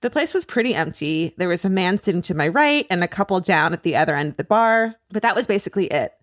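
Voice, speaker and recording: Lively woman podcast host, dry studio. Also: mid-range voice, quick pace, no room sound. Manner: animated storyteller, laughs often, swears casually. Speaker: podcast co-host reading listener stories. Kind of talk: casual comedic podcast chat.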